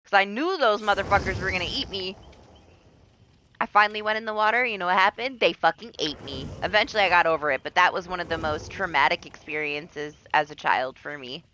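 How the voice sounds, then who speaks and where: A woman's voice: on the low side, brisk, pushed and bright, a little hiss or hum. A woman chatting casually on a live game stream, swearing often and laughing. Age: adult.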